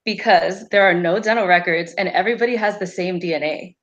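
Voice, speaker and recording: A woman's voice: medium pitch, normal speed, noisy background. A woman from South Carolina with a Southern accent, chatting as a guest over a video call and laughing often. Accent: Southern American. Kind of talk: casual chat.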